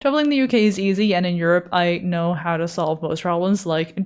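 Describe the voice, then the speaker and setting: A woman's voice: lowish voice, brisk, a little mellow, clear, resonant tone. A young adult woman streamer chatting casually and self-deprecatingly while drawing live, swearing now and then and reading chat aloud. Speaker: art streamer.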